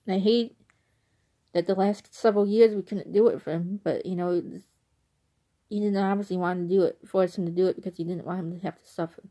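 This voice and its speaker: A woman's voice: fairly low pitch, fairly even intonation, a little fast, dark tone. A woman vlogger talking casually to her camera, rambling, with many restarts and asides. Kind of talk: casual reminiscing monologue.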